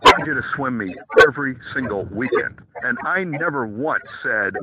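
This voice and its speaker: A middle-aged man from the USA holds forth in a loose, boastful monologue, lecturing his listeners and wandering from point to point. His pitch leaps up and down as he talks. The sound is thin and phone-like, with faint hiss underneath. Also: lively intonation, moderate pace. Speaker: podcast host. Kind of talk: casual monologue. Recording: tinny phone-line sound with faint noise.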